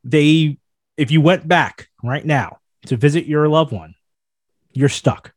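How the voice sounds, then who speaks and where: A man hosting a casual news podcast, reading articles aloud and adding quick asides. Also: a little high, dry recording, clean studio sound. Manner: reads headlines aloud then riffs with asides. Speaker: podcast host.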